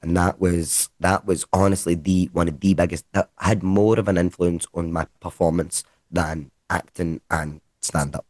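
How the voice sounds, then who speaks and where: A Scottish man, a comedian, chatting casually in an interview and telling rambling, lively anecdotes with some swearing. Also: low-pitched, moderate pace, hardly any pauses, dry recording. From Scotland. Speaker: comedian guest. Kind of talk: casual conversational storytelling.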